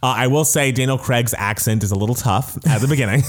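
A man's voice: mid-range voice, faint music behind. A man co-hosting a casual podcast, chatty and giggly, gushing about things he loves. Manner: chatty, giggly, quick to gush. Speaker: podcast co-host. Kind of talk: casual chat.

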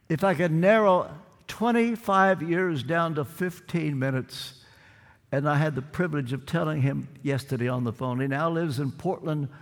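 An older man delivers a sermon in earnest, repeating phrases for weight. His voice sits high and unhurried. A long reverb trails each phrase through the hall. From United States. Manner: earnest, dramatic pauses and repetition. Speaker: preacher.

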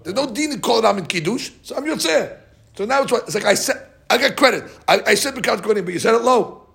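A man teaching a lively religious text class, asking his students questions and reading passages out quickly. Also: high-pitched, creaky, breathy edge. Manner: animated, questioning the class, reads Hebrew text fast. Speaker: rabbi teaching a Talmud class. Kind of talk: Talmudic lesson, mixing English and Hebrew.

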